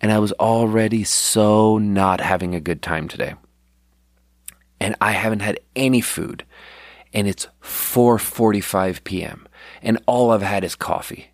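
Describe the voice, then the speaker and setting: A man's voice: fairly low pitch, unhurried, dry recording, studio quality. A young man telling a rambling, profane, self-deprecating story in a casual podcast monologue, sleep deprived. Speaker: podcast host.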